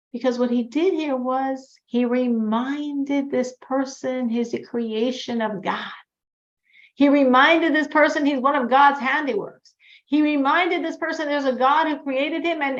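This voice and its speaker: A woman teaching a religious class, telling stories and acting out the characters' lines as she quotes them. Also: high-pitched. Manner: storytelling, animated quoting of characters. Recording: echoey, dull lo-fi room sound.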